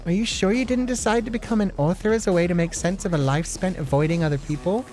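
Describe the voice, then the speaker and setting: Girl doing a creepy sweet little sister, low-ish voice, game music faint behind. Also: fast, dark tone, natural voice. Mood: calm, probing. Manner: sweet yet menacing, calls him Oni-chan. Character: cold doting younger sister, girl. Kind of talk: voicing visual novel lines.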